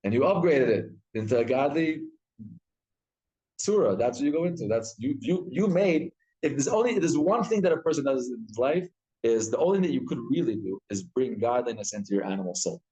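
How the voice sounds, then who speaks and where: A man, a rabbi, teaching a live Torah class with animated storytelling, often repeating and restarting words. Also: medium pitch, fairly quick, rough recording. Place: synagogue study hall.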